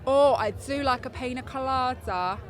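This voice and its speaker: A woman's voice: high voice, moderate pace. A woman with an Essex accent, cheeky and jokey, at an outdoor red carpet premiere. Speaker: premiere guest. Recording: loud crowd behind.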